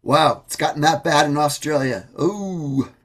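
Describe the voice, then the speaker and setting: A man interviewing, dropping slow asides with a laugh in his voice. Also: fairly high pitch. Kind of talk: casual interview chat.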